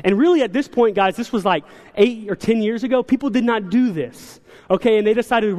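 A young man preaching a sermon in a church, telling stories with quick, animated asides. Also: high voice. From South Carolina. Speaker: church speaker. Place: large church hall. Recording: long hall reverb.

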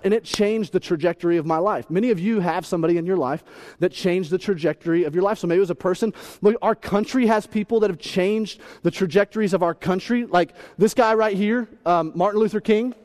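Animated high-voiced male preacher. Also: fast. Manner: animated, playful, acts out voices and shouts. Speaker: pastor. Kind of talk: humorous sermon.

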